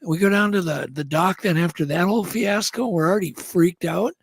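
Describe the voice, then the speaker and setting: A man with a gravelly, husky voice who tells his story casually and with energy. He acts out the other people in it. The sound is close and dry. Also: high voice, brisk, no echo. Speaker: guest. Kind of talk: casual storytelling on a radio show.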